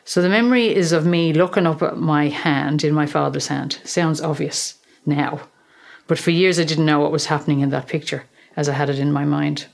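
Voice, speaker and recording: A middle-aged Irish woman hosting a podcast, telling a personal story in a measured, gently humorous way. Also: deep voice, steady tone, vocal fry. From Ireland. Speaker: podcast host, therapist. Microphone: podcast microphone in a small room.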